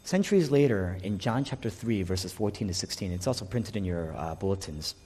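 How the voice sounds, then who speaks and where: A man preaching a sermon in a worship hall, moving between loud, urgent passages and hushed near-whispers. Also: sits low, expressive, fairly quick, breathy edge. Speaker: pastor.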